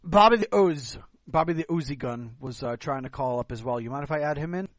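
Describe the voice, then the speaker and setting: A man's voice: a little high, brisk, no echo. A man from the United States hosting a podcast, tipsy and long-winded, rambling in casual chat. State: tipsy from drinking. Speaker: podcast host.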